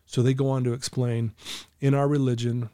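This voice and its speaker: A middle-aged man telling his own life story as a guest, earnest and candid, at times emotional and clearing his throat. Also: mid-range voice, level tone, normal speed, dark tone, no room sound, clean studio sound. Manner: earnest, candid, storytelling with quoted inner thoughts. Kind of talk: emotional personal testimony.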